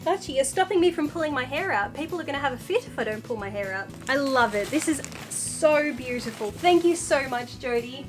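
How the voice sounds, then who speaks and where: Woman, high-pitched, gushing, casual home unboxing vlog, music behind. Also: brisk, few pauses. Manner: gushing, excitable, talks to her pet. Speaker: vlogger.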